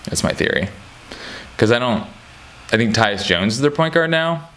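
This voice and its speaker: A sports commentator chats casually about basketball, rambling, joking and restarting often with plenty of fillers. He has a medium-pitched, slightly bright voice with lively intonation at a normal speed, and there's a little hiss or hum.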